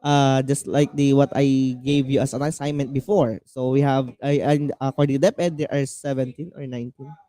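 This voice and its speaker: A man from the Philippines with a Filipino accent, teaching an online class in a halting way, full of fillers and restarts. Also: mid-range voice, little pitch movement, dark tone. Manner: code-switching, halting with many fillers and restarts.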